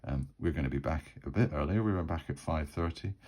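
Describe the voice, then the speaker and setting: A man's voice: a bass voice, fairly quick, noisy background. A man narrating his solo tabletop role-playing game in a rambling, chatty way. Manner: rambling, many fillers and restarts.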